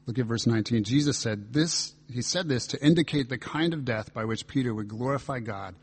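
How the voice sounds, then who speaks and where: A man's voice: medium pitch, fairly quick, few pauses, a little mellow, breathy edge. A man pastor preaching a reflective, earnest sermon, reading and voicing scripture dialogue as he explains it.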